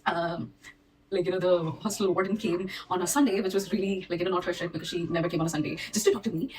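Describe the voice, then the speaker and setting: Fast, rambling young woman with a cold. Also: fairly low pitch, fairly even intonation, a little mellow, recorded from a distance, slight background noise, low-quality recording. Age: young adult. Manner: rambling, filler-heavy, self-deprecating. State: has a cold. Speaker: college student vlogger. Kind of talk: casual Q&A vlog. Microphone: phone.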